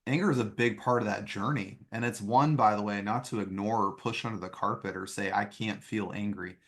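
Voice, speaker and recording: Male podcast host with a slightly low voice; earnest, reflective delivery, filler-heavy. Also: a little fast, fairly bright tone. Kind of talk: conversational podcast interview.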